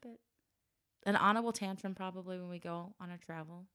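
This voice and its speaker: A woman chatting casually about parenting, who often backs up the other speaker with quick "yeah"s. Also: on the low side, bright, forceful tone, clear, resonant tone. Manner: supportive listener, frequent "yeah" agreements. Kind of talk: casual chat.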